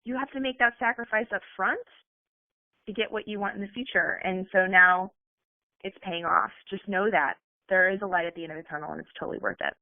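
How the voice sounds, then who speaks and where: A woman's voice: medium pitch, dry recording. Woman, earnest coach rallying her team on a phone call; tinny, dry line. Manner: earnest, fast, peppered with "like". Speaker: team coach giving a talk. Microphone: phone on a conference call.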